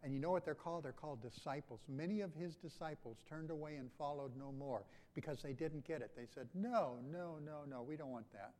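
Preacher swinging from hushed to loud. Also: male voice, on the high side, brisk, hardly any pauses. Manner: swings from hushed to loud and emphatic, with repeated phrases. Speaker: pastor. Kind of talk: sermon.

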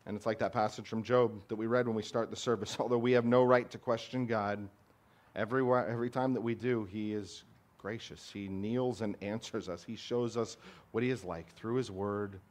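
A man's voice: fairly low pitch, steady tone, normal speed, a little mellow. A man preaching a sermon as a pastor, earnest and emphatic, posing rhetorical questions to his congregation.

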